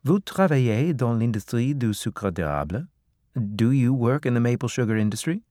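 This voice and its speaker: A man's voice: mid-range voice, big pitch swings, normal speed, mellow, no echo, clean studio sound, lightly acted. A man doing a polite female field reporter. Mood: earnest.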